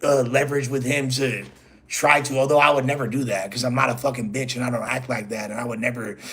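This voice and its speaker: A man's voice: medium pitch, fairly even intonation, fast talker, fairly bright tone, slightly rough. A man hosting his own channel, talking straight to a rival in a rambling, profane, casual monologue full of "bro" and "you feel me". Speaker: host.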